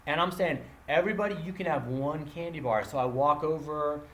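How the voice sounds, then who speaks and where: A man teaching a math lesson, explaining with playful everyday analogies in an animated, casual way, talking straight to his students. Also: fairly high pitch, brisk.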